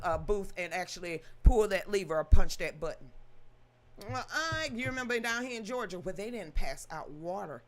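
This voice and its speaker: A woman reading news aloud, then ranting about it in an emphatic, sassy, scolding way. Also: mid-range voice. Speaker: political commentary host.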